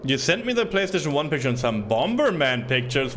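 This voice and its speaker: A man's voice: medium pitch, very animated, normal speed, a bit bright, slight background noise. Man reading game text on stream. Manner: reads on-screen text aloud, joking asides. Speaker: streamer playing a retro game. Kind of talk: casual live commentary.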